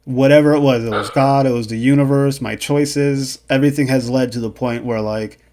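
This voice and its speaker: A man's voice: medium pitch, fairly even intonation, a little fast, a little mellow. A man hosting a podcast, chatting casually and supportively, often adding "man". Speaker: podcast host. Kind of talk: casual interview chat.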